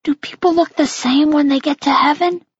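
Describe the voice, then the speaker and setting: A woman's voice: high voice, steady tone, moderate pace, dry recording, muffled recording, pitched above the performer's own voice, natural voice. A woman doing a small, anxious young boy. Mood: pleading, tearful. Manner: small pleading questions.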